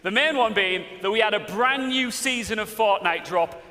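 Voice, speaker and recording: A man's voice: high-pitched, normal speed, bright, forceful tone, faint music behind. A man hosting a live esports broadcast in a large historic hall, upbeat and playful as he hypes the crowd. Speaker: event host. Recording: echoey hall with long reverb.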